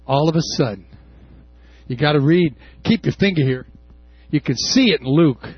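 A man preaching a sermon, impassioned, with shouted peaks and casual asides. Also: fairly high pitch, expressive, normal speed, breathy edge, dry recording, faint music behind. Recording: dull lo-fi sound.

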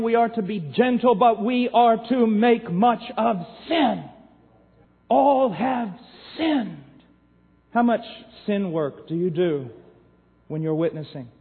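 Impassioned high-voiced male preacher. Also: normal speed. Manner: impassioned, swinging from hushed to shouting. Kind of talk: sermon. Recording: tinny lo-fi recording in a reverberant hall.

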